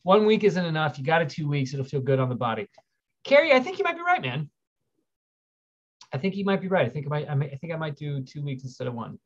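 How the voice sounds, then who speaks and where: A man's voice: a little high, animated, fast talker. A man hosting a casual livestream, rambling as he reads viewer questions aloud and answers them. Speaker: livestream host. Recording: dull lo-fi stream audio.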